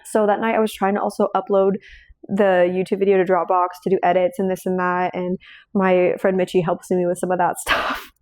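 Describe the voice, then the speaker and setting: A woman's voice: on the low side, little pitch movement, brisk, darkish tone. A woman hosting her own casual chat show from home at night, rambling through tangents and laughing often. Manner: rambling, jumping between tangents with frequent laughs. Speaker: host.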